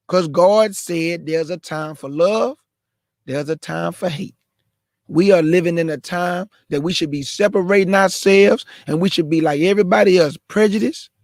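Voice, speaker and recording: A man's voice: high-pitched, no echo, clean studio sound. A male host delivering a preachy, repetitive monologue and addressing his listeners as family.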